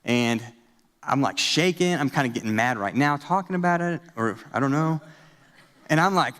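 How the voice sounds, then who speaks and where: A man in his thirties, a student pastor, preaching a storytelling sermon in a conversational, animated way. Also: a little high, moderate pace, in a large hall. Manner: conversational and animated, with casual fillers. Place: church sanctuary.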